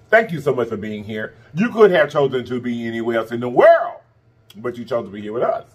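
A man hosting an eating show, signing off to his viewers in a casual, effusive and affectionate way, blowing kisses and teasing them. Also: a bit bright. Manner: playful and teasing, swinging up high. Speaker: mukbang host.

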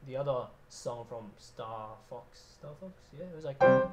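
A man's voice: mid-range voice, lively intonation, moderate pace. A man hosting a casual piano livestream, chatting loosely, reading out viewer names and laughing often. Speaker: livestream host and pianist.

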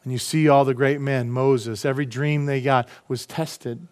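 A man's voice: mid-range voice, fairly even intonation, normal speed. Impassioned middle-aged male pastor preaching. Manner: impassioned preaching with rhetorical questions to the congregation. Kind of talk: sermon.

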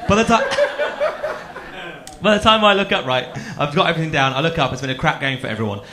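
Camp, bright-voiced young stand-up comedian. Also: male voice, fairly high pitch, animated, quick pace. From Birmingham, England. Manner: camp, chatty and self-mocking, teasing the audience. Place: festival comedy stage with a live audience. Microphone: handheld stage mic on a cable.

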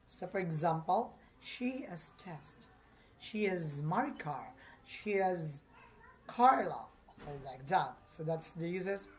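A woman teaching an English grammar lesson, patiently repeating each point and addressing her viewers as class. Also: lowish voice.

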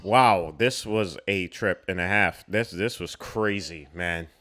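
A young man hosting a casual film reaction, excitable and slangy, calling out at the screen. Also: deep voice, slow pace.

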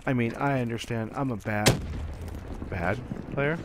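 A man's voice: medium pitch, measured pace, very noisy. Rambling, stammering gameplay commentator man. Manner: rambling, stammering, self-mocking.

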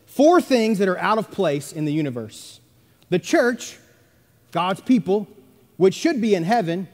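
A man preaching a sermon as pastor, emphatic, swinging between loud stresses and hushed asides. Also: high voice, very animated, measured pace. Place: church sanctuary. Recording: long church reverb.

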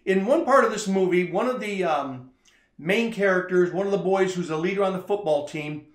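High-voiced pastor in an echoey room. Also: male voice, normal speed. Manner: animated storyteller, acts out quoted lines louder. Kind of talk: informal sermon, retelling a movie scene.

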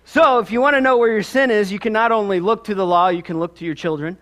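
A man's voice: high voice, fast, fairly bright tone. A man with a Midwestern American accent, preaching a sermon in a conversational, storytelling way with asides. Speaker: pastor.

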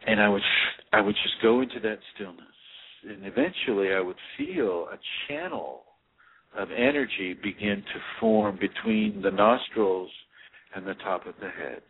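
A man giving a relaxed, rambling talk as a spiritual teacher, with many fillers and restarts. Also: lowish voice, normal speed. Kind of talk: casual instructional talk. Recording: tinny lo-fi phone-like audio.

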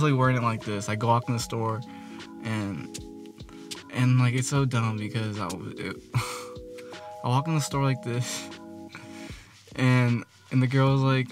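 A man, telling a rambling, profane storytime vlog full of fillers. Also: mid-range voice. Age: 20s. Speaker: vlogger. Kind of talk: casual storytime rant. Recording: music playing behind. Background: music.

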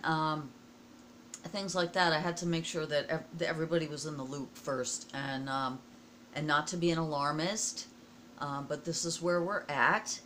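Hoarse middle-aged woman vlogging. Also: fairly low pitch, a bit bright, slight background noise. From USA. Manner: emotional, frequent throat clearing. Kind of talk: casual personal vlog talk.

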